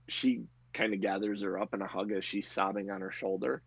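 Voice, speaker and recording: Gravelly low-voiced male game master. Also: fairly quick, few pauses, no echo. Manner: relaxed, chatty, laughs easily. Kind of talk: narrating a tabletop game. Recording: lo-fi muffled audio.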